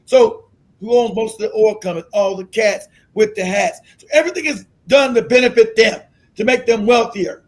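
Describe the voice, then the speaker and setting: High-pitched dude ranting on a stream, blunt and sweary, keeps repeating himself. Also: male voice, rough recording. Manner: blunt, profane, repeats points insistently. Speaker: host of a commentary stream. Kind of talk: ranting political commentary. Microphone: streaming mic.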